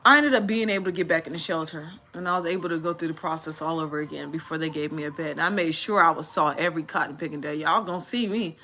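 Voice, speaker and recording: Tired, bright-voiced woman sharing testimony. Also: sits low, quick pace, few pauses, slight background noise. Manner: animated storytelling, church slang. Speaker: vlogger. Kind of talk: candid live-stream testimony.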